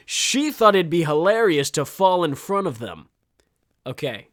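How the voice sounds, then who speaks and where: Animated sarcastic young man. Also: fairly high pitch, unhurried. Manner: animated, sarcastic, swears freely. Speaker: podcast host. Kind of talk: casual comedic commentary.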